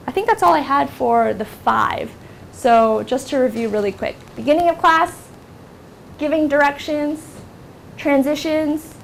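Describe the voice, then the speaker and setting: A woman's voice: on the high side, gravelly, a little hiss or hum. A young American woman teaching a workshop class in a casual lecture style, full of ums and likes. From United States. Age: young adult. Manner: casual, filler-heavy delivery with many ums and likes. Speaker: workshop instructor. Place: university classroom.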